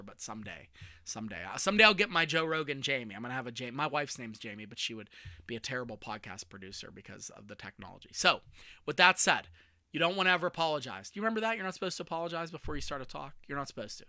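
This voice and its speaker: A man in his forties, a communication coach hosting his own podcast, talking solo with lively energy and self-deprecating jokes. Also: mid-range voice, dry recording, studio quality.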